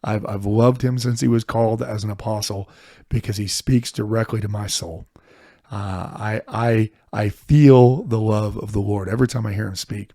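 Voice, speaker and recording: A middle-aged man, a podcast co-host, talking through history in an earnest, animated way. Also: on the low side, moderate pace, dry recording, studio quality. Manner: earnest, animated, frequent restarts. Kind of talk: casual history discussion.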